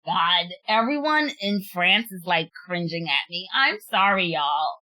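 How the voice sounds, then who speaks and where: A woman's voice: fairly low pitch, animated, unhurried, sharp tone. A woman streamer, chatting casually and laughing at herself while trying out French words. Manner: giggly, self-deprecating, drawls out French words. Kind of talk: casual chat while unboxing.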